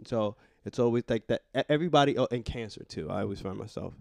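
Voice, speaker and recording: A man's voice: mid-range voice, fast, vocal fry, darkish tone, no echo. A man co-hosting a casual podcast, thoughtful and prone to small restarts as he talks. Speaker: podcast co-host.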